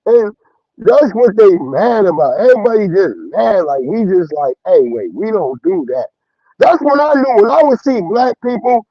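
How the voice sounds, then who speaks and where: A man's voice: high voice, dry recording, lo-fi sound. A man hosting a livestream, giving loose, profane commentary with bursts of laughter. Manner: animated, profane, laughing storyteller. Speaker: livestream host. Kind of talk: casual commentary.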